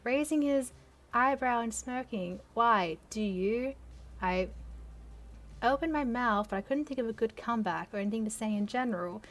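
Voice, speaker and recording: A woman's voice: on the high side, moderate pace. Young woman mocking her own writing. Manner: mocking, self-deprecating, laughs often. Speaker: channel host reading her teenage fan fiction aloud. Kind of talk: reading aloud with sarcastic commentary.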